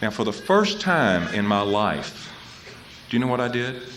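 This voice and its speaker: A man's voice: lowish voice, big pitch swings, unhurried, fairly bright tone, a little hiss or hum. A man speaking at a recovery convention, telling his story and repeating phrases to drive them home. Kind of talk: personal recovery talk. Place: convention hall.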